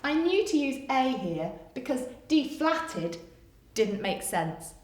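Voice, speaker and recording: A woman's voice: sits high, slow pace. A woman, a primary teacher who reads a picture book aloud in a sing-song way and then gives a coaxing phonics lesson to young children. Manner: animated, sing-song storytelling, coaxing and encouraging. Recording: echoey room.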